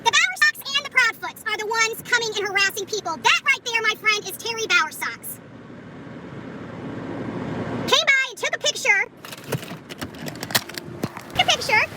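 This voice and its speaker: A woman with a very high, piercing voice rants angrily from inside her car, taunting and cursing as she films. She sounds set back from a phone mic, with loud traffic rumbling behind her. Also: lively intonation, a little fast, distant mic. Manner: angry, taunting, heavy cursing. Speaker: vlogger. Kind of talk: confrontational live commentary. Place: in a car outdoors.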